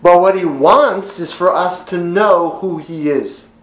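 A man preaching an expository sermon as pastor, teaching in a measured, earnest way and driving points home by repeating them. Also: sits high, echoey room, rough recording.

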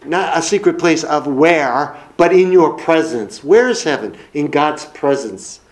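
A man's voice: a little high, animated, a little slow, poor audio. A man delivering a sermon, his voice sitting a little above the usual male range. He reads scripture aloud, then expounds it, stressing key words through repetition. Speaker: preacher.

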